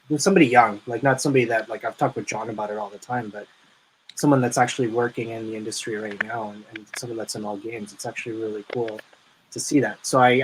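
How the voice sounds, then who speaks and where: Relaxed man hosting a podcast. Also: medium pitch, noisy background. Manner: relaxed, reads out viewer comments. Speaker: podcast host. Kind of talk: casual chat.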